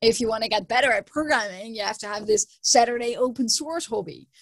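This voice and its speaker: A woman professor giving a conference talk in a lively storytelling way, often repeating words for emphasis. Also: a little high, brisk, dry recording.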